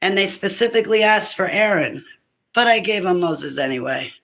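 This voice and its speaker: A woman's voice: mid-range voice, animated, normal speed, gravelly, a bit bright, poor audio. A woman in her fifties talking in a loose, rambling monologue about faith, breaking into laughter and emphatic preaching. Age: 50s. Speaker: speaker on spiritual warfare. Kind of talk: casual monologue.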